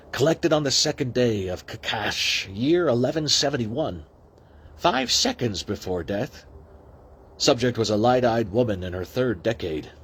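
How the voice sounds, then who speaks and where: A man casually reading a novel aloud, who breaks off into excited asides. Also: medium pitch, unhurried, slightly rough. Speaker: reader.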